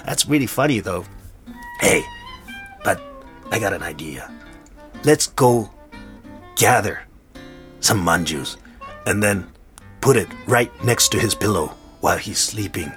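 A man's voice: on the low side, expressive, slow pace, long pauses, a bit bright. Mischievous men plot a prank in giggly, conspiratorial tones, as a male storyteller voices them. They egg each other on and cheer. Faint guitar music sits in the background. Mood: scheming.

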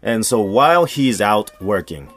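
Animated male storyteller. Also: fairly low pitch, faint music behind. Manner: animated, playful, slightly halting English. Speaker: storyteller, co-host. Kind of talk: casual podcast storytelling.

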